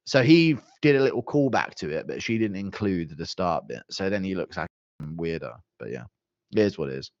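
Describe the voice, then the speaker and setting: A young man chats with viewers on a live stream. His voice swings up and down with animated, joking energy. The sound is dry and somewhat dull and lo-fi. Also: sits low, fairly quick, dry recording. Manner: animated and joking, with mild swearing. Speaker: streamer reading chat. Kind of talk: casual live-stream chat.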